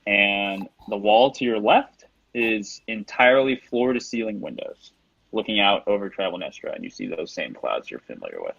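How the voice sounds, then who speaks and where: A man running a tabletop game as game master, describing scenes in a relaxed, casual way. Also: fairly low pitch, moderate pace, gravelly, no echo, highs cut off.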